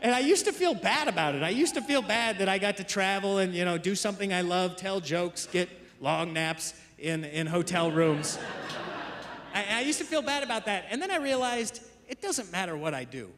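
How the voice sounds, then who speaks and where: Male comic, very high voice, lively stand-up delivery, echoing venue with crowd noise. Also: moderate pace. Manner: animated storytelling. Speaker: stand-up comedian. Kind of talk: stand-up comedy set. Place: comedy club stage. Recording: echoey venue with audience noise.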